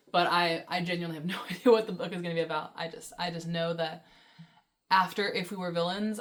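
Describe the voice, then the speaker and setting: A young woman vlogging about books in a casual, rambling, enthusiastic way, with many fillers and laughs. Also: medium pitch. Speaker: book vlogger. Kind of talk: casual chat.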